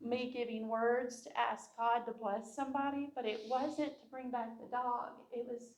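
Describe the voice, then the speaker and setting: Woman, church testimony, storytelling, voices the people in her story, slightly high voice. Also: flat delivery, normal speed, slight background noise. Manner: heartfelt storytelling, acting out what people said. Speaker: church member sharing a testimony. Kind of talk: personal testimony to a congregation.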